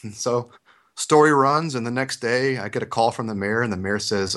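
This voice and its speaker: A man's voice: mid-range voice, brisk. A young man from the US South with a Southern accent, telling a story on a podcast and acting out the quotes. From Georgia, US South. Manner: animated storyteller, acts out quotes. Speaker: podcast host. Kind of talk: casual podcast chat.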